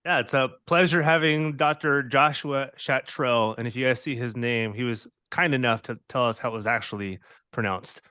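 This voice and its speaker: A man's voice: mid-range voice, normal speed, bright, forceful tone, smooth, no echo, studio quality. A man interviewing two guests on a podcast, chatty and playful, often repeating words as he goes. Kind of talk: casual interview.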